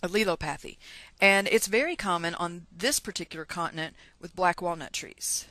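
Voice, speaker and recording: A woman's voice: fairly low pitch, moderate pace, bright, forceful tone, no echo. A middle-aged woman with a Texan twang, teaching science in a chatty, self-deprecating screencast lecture.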